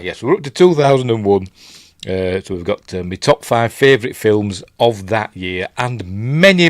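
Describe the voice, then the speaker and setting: A man's voice: fairly low pitch, no echo. A middle-aged man with a Yorkshire accent hosts a live movie show in rambling, self-mocking casual chat, talking into a desk mic. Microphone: desk mic, level being adjusted.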